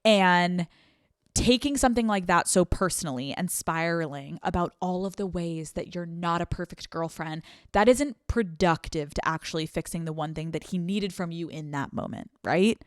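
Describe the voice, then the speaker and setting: A woman's voice: on the low side, normal speed, no echo, studio quality. Frank, profane woman podcast host. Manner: candid and profane, acts out quoted voices. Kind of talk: casual solo podcast advice talk.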